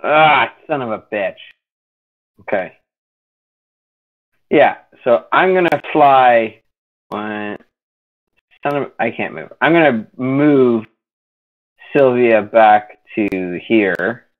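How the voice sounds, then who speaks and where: A man's voice: mid-range voice, lively intonation, drawn-out words, pauses often. A man playing a tabletop game online, hesitant and self-mocking, swearing casually at his bad luck. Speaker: player. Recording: tinny phone-like voice chat line.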